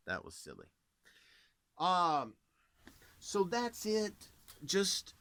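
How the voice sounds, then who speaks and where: A man's voice: a little high, sharp tone. A man in his thirties who works as a voice actor, rambling casually to camera and demonstrating voices as he explains.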